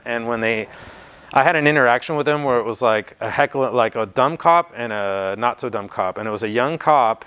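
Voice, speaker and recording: A man's voice: medium pitch, fairly bright tone, clean tone. A man, telling stories in a casual interview in a laid-back, slangy way and swearing freely. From United States. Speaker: interview guest, graffiti writer.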